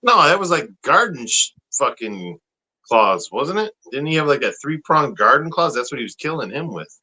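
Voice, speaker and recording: A man co-hosting a casual live horror-movie chat, enthusiastic and quick to laugh. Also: mid-range voice, sing-song, sharp tone, slightly rough, low-quality recording. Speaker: co-host.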